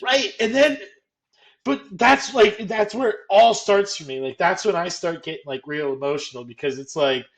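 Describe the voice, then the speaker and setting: A man co-hosting a casual movie podcast, animated and retelling scenes with plenty of "like". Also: high voice, moderate pace, creaky. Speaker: podcast co-host.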